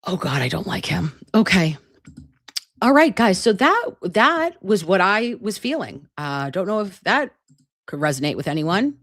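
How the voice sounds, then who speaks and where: A woman's voice: mid-range voice, sing-song, unhurried, no room sound, clean studio sound. Profane, chatty woman show host. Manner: profane, heated ranting with sudden asides; chatty, addresses viewers directly. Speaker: host of a case news commentary show. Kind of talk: casual livestream commentary.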